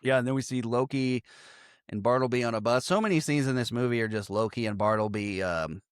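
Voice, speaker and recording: A man's voice: mid-range voice, a little fast, clean tone, dry recording, studio quality. A man co-hosting a podcast, recapping a comedy film in casual, profane chat and laughing often. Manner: profane, laughing, acts out quoted lines. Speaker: podcast co-host.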